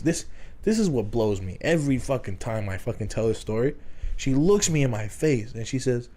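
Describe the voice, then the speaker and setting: A man's voice: medium pitch, normal speed. A young man casually telling a story to friends on a podcast, swearing and laughing often. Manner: swearing, laughing, animated retelling. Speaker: podcast host.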